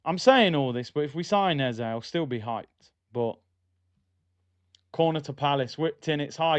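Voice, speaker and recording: A man's voice: fairly high pitch, moderate pace, smooth, no room sound, lo-fi sound. A young man, casually reacting to a football match live for his stream and reading out chat messages. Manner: casual, reacts loudly to chances, reads out chat. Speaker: watchalong streamer. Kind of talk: live football watchalong commentary. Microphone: streaming mic.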